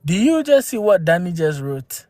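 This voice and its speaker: A man's voice: high-pitched, sing-song, moderate pace, warm tone, dry recording. Argumentative man, raised voice. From Ghana. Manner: argumentative, rhetorical questions, exclamations. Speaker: livestream host. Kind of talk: live-stream commentary.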